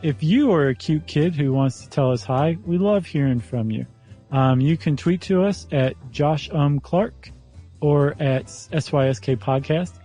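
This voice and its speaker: A man co-hosting a podcast in casual chat, making friendly quick asides and reading out contact details. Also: fairly high pitch, warm tone, soft background music. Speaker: podcast co-host.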